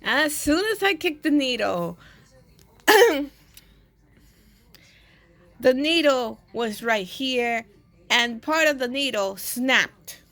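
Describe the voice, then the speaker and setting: Young adult woman, casual personal storytime; slow, slightly high-pitched, loose rambling delivery full of restarts. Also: expressive, fairly bright tone. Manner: rambling, with many restarts and repeated words.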